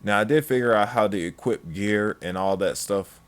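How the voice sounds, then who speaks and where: A man narrating a let's play video, excitable and calling out to his viewers. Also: fairly low pitch, moderate pace. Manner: loud, excitable, addresses viewers as "people". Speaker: gaming channel host.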